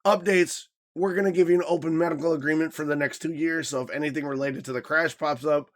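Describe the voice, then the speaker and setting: A man's voice: a little high, fairly even intonation, fast talker. A man in his thirties co-hosting a podcast, telling a story in a casual, profane way and acting out the people he quotes. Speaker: podcast co-host.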